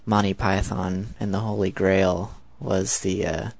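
A man's voice: low-pitched, flat delivery, measured pace, gravelly, darkish tone. A 19-year-old man with an American accent, talking in a chatty, rambling monologue. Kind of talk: casual spoken monologue.

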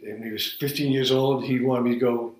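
A man in his seventies with a Boston accent, reading a passage aloud and then reminiscing casually in a plain, unhurried way. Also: medium pitch, steady tone, darkish tone, roomy sound, low-quality recording. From south of Boston, USA. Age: 70s.

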